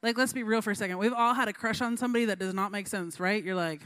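A woman's voice: medium pitch, fast talker, a bit bright. A young woman giving a casual storytelling sermon as a youth pastor, chatty, full of fillers, acting out voices in her stories.

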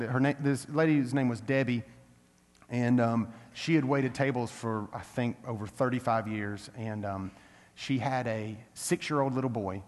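An earnest male pastor speaks at an ordinary middle pitch, mixing a casual storytelling tone with bursts of emphatic preaching. His voice rings out with the long reverb of a large church hall. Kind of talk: sermon with personal story.

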